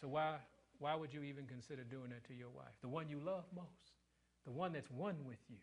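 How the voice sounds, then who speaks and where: A middle-aged man with a high voice delivers a sermon to his congregation. He preaches in call-and-response fashion, throwing questions at the listeners. His delivery swings from loud, emphatic lines to hushed ones. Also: brisk, a little hiss or hum. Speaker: pastor.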